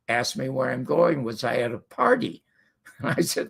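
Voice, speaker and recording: A man's voice: mid-range voice, moderate pace, gravelly, fairly bright tone, breathy edge. An older man from Canada, a guest telling rambling anecdotes full of fillers and restarts in casual conversation. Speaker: guest storyteller.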